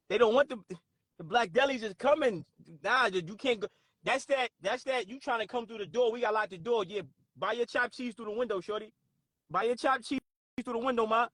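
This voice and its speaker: A man hosting a casual livestream, laughing often and reacting loudly and profanely to his chat. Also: very high voice, no echo. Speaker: livestream host.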